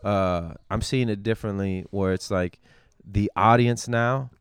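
Low-voiced comedian rambling on a podcast. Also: male voice, fairly even intonation, measured pace, smooth, no echo. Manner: rambling, frequent restarts and cursing. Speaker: stand-up comedian. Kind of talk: casual podcast chat.

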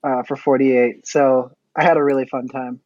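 A man's voice: mid-range voice, little pitch movement, moderate pace, a little mellow, no echo. A man chatting casually on a podcast with blunt, dry humor. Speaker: podcast co-host. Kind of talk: casual chat. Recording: dull dry mic sound.

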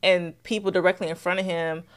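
A woman's voice: on the low side, fairly even intonation, fairly quick. A woman podcast co-host in casual chat, talking earnestly and building an argument.

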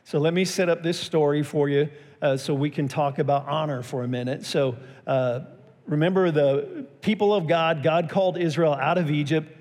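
A man's voice: fairly high pitch, moderate pace, darkish tone, big-room sound. A man preaching a sermon as pastor, telling a story and acting out its quotes with a raised voice.

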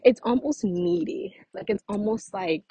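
A woman's voice: medium pitch, unhurried, mellow, slightly rough, no room sound, rough recording. A young woman venting casually to her followers, chatty and exasperated, with laughing asides, a little out of breath from walking outdoors. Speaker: vlogger. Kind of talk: casual vent to camera.

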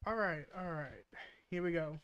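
A woman's voice: on the low side, lively intonation, normal speed, highs cut off. A woman hosting a podcast in casual chat, joking and swearing freely as she runs a word game. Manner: joking, swears freely, laughs while reading. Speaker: podcast host.

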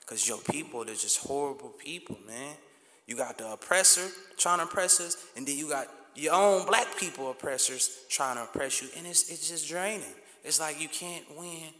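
A man's voice: a little high, normal speed, bright, forceful tone. A man hosting a podcast, delivering a blunt, impassioned rant full of street slang. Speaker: podcast host. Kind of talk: impassioned monologue. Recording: echoey room with long reverb.

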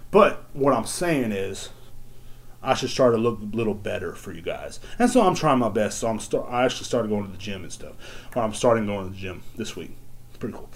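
A man ranting alone into his podcast mic, crude and full of swearing. He rambles from one gripe to the next. His voice jumps between loud, excited bursts and low, half-swallowed mutters. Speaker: podcast host. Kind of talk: casual solo podcast rant.

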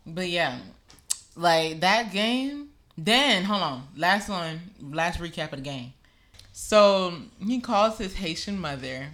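Bright-voiced young woman telling stories. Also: on the low side, slow pace. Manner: animated storytelling, swears freely. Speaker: podcast co-host. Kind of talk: casual chat.

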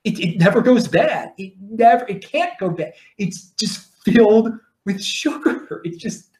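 A man's voice: sits high, lively intonation, a little slow, a little mellow. A man with a Baltimore accent, rambling through stories in a casual monologue to his stream viewers, often restarting his words. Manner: chatty, repeats and restarts words. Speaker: livestream host. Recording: echoey room.

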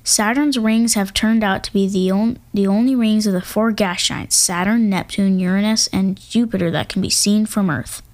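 A woman's voice: medium pitch, fairly even intonation, moderate pace, few pauses, a little mellow. A woman hosting an astronomy talk, reading facts in a casual way and adding jokey asides into a home microphone. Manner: playful, jokey asides, hums drum rolls. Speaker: podcast host. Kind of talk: casual educational narration.

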